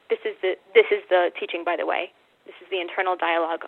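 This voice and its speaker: A woman's voice: lowish voice, fairly even intonation, fast talker, gravelly, dry recording. A woman guest author telling a personal story candidly, acting out her own inner voice. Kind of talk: casual storytelling. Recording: dry phone-like line.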